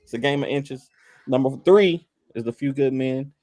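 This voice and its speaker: A man's voice: mid-range voice, moderate pace, warm tone, no room sound. A tired man co-hosting a podcast in a laid-back, hesitant way, with many ums. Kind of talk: casual podcast chat.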